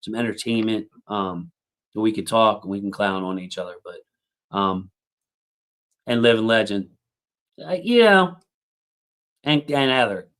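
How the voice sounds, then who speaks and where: A man's voice: on the low side, normal speed, long pauses, fairly bright tone. A man in his thirties hosting a casual sports livestream, rambling through thanks to his chat with lots of fillers.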